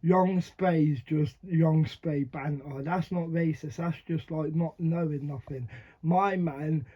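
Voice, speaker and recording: A man's voice: on the high side, husky. A man giving blunt, slangy reaction commentary, swearing often and laughing between remarks. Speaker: reaction video host. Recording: dull lo-fi sound.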